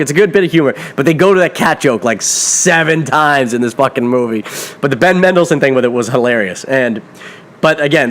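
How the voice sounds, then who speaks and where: A man talking through a film review in a loose, rambling way, often swearing and correcting himself as he goes. His voice sits a little higher than most men's. It sounds like an unscripted podcast chat. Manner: rambling, profane, self-correcting. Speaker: podcast host reviewing films. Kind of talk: casual spoken film review.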